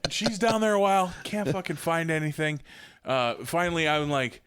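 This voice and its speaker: A man's voice: on the high side, normal speed, a bit bright. A man co-hosting a podcast, chatting casually and telling a story in a self-mocking, profane way, laughing often. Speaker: podcast co-host.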